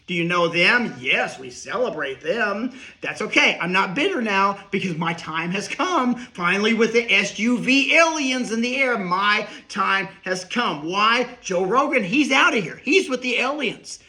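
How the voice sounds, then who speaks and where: Middle-aged male comic, high bright voice, rambling riffs and asides. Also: expressive. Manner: rambling, riffing, quick asides. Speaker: comedian and speaker. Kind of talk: comedic monologue.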